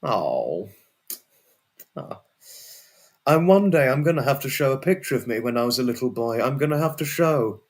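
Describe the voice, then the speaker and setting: A man's voice: medium pitch, very animated, normal speed, pauses often. A man hosting a casual livestream and chatting with viewers. He rambles and repeats himself, and now and then breaks into a sweary outburst. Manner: rambling and repetitive, often restarts and repeats phrases. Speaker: livestream host. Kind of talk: casual livestream chat, answering viewers' messages.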